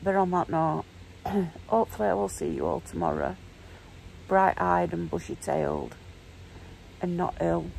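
A woman in her forties vlogging casually at home, croaky from a sore throat and tearful, rambling with lots of fillers. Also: lowish voice, wildly swooping pitch, measured pace, darkish tone, slight background noise, low-quality recording. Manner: rambling, chatty, filler-heavy. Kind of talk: casual vlog chat.

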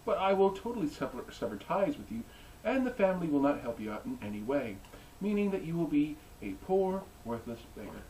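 Brief: cold controlling uncle, quiet and menacing, done by a man recapping a cartoon, a bit off-mic. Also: fairly high pitch, very animated, brisk, far from the mic, a little hiss or hum, low-quality recording. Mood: threatening. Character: stern controlling uncle, middle-aged man.

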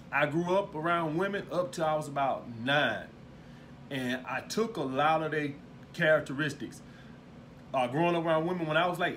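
Guy coach ranting casual to the camera, cusses a lot, kinda high voice, keeps going "all right?". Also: a bit bright, a little hiss or hum. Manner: blunt and profane, keeps asking "all right?". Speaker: dating and lifestyle coach. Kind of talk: casual monologue to viewers.

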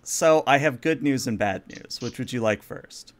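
A man narrating as game master of a tabletop role-playing game, relaxed and playful with the players. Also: mid-range voice, normal speed.

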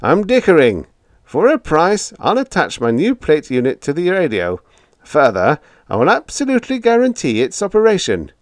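A man voicing a cocky young spaceship officer who bargains with smug, quiet confidence. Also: fairly high pitch, huge pitch swings, moderate pace, no echo, clean studio sound, pitched above the performer's own voice.

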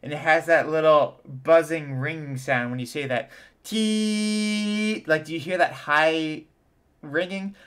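A man's voice: fairly high pitch, moderate pace, a bit bright. A man, a trumpet teacher, reacting to an interview in a casual explanatory way and sounding out vowels and tonguing syllables as examples. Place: home studio in front of a camera.

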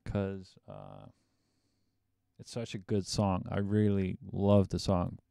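Slow, gravelly-voiced young man teaching. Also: sits low, big pitch swings, mellow, no echo, clean studio sound. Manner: laid-back, swears casually, hedges opinions. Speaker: music producer teaching a masterclass. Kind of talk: casual livestream tutorial.

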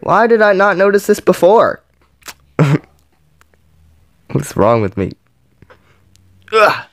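A man plays a phone game and counts every flip out loud, with his pitch leaping high on misses and dropping low on the counts. He talks slowly, with plenty of pauses between bursts. The sound is dry and close, with no room echo. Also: sing-song. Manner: counts flips aloud, yelps and groans at misses. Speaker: gaming channel host. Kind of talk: playing a mobile game while counting aloud.

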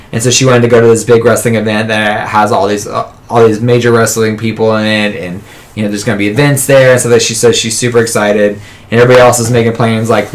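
A man co-hosting a casual comic book podcast, rambling through a plot recap with lots of fillers and laughter. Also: medium pitch. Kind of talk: casual chat.

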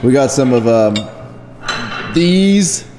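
A man's voice: mid-range voice, animated, takes it slowly, mellow, reverberant, long reverb tail, faint music behind. A man hosting a truck vlog at an outdoor job site, joking and teasing his friends as they work. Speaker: vlog host. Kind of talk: casual truck vlog chat.

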